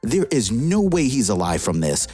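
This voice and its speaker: A woman reviewing a comic book, who retells the story in an excited, slangy, casual way. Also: very deep voice, moderate pace, faint music behind.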